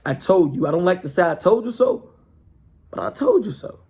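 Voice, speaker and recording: A man's voice: sits high, wildly swooping pitch, normal speed, mellow, slightly rough, full character voice. A man voicing a blunt, loyal friend who talks in an exasperated way.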